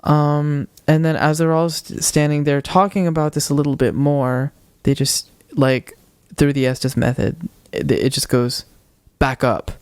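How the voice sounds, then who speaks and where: Young man, podcast co-host; slightly higher voice, dry close recording; casual, animated storytelling. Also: unhurried, clean tone, dry recording. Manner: retelling a ghost video with quoted voices, animated.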